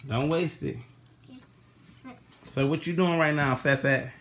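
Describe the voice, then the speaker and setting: A man with a higher, slightly bright voice and fairly even intonation speaks slowly over a faint hiss or hum. In casual vlog style, he coaches kids through cooking in his home kitchen, patient and coaxing as he calls out each direction.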